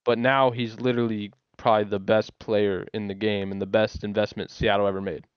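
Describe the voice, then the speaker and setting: A man co-hosting a casual podcast, making points in an animated, slangy way. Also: lowish voice, a little fast, smooth, no room sound, muffled recording. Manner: animated, storytelling, uses slang. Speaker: podcast co-host.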